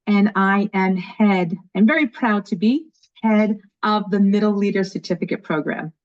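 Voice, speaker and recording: A woman in her fifties from New York, with a New York accent, talking as an enthusiastic, energetic guest in an interview. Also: mid-range voice, moderate pace. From New York, USA. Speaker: guest, education leader. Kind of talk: casual interview chat. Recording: dull lo-fi audio.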